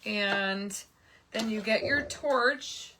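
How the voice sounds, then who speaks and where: A woman's voice: medium pitch, drawn-out words, noisy background. A woman hosting a casual crafting livestream, exasperated and talking to herself and her chat as she works.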